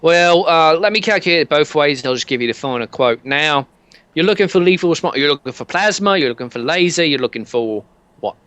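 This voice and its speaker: A man's voice: on the high side, animated, a little fast, fairly bright tone, no room sound, pitched above the performer's own voice. A man voicing a chummy male security-shop owner in a put-on British accent, stumbling over his words and calling everyone mate. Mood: chummy salesman.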